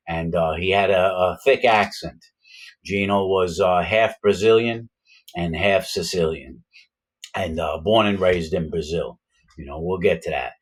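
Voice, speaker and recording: A man's voice: deep voice, poor audio. A man casually telling a long personal story, rambling with plenty of fillers and restarts. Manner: grows louder and more excited as the story builds.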